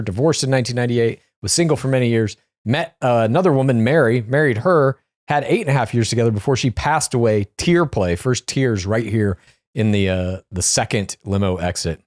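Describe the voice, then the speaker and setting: A man co-hosting a podcast, recapping a dating show in a casual chat with deadpan, teasing humor. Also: mid-range voice, no echo, clean studio sound. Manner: deadpan teasing, mock-spooky asides. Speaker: podcast co-host.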